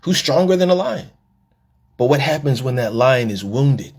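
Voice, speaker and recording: A man's voice: mid-range voice, lively intonation, normal speed, slightly rough. A middle-aged man, a podcast host and life coach, delivering a live-taped monologue in a preachy storytelling way, repeating words and acting out the people he quotes.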